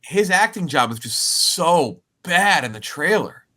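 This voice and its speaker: A man's voice: on the high side, big pitch swings, a little slow, sharp tone. A man co-hosting a movie podcast, blunt and incredulous in casual chat. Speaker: podcast co-host.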